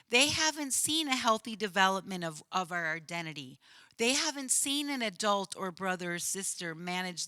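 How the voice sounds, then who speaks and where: Bright-voiced woman in her fifties. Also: mid-range voice, dry recording. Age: 50s. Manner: earnest, vivid retelling with frequent "right?". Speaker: school counselor. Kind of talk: panel talk, storytelling.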